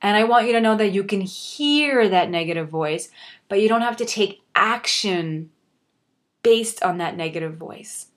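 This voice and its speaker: A woman's voice: medium pitch, expressive, unhurried. A young woman hosting a motivational podcast, speaking earnestly and encouragingly and addressing the listener directly. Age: young adult. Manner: earnest, encouraging, self-reflective. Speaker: podcast host.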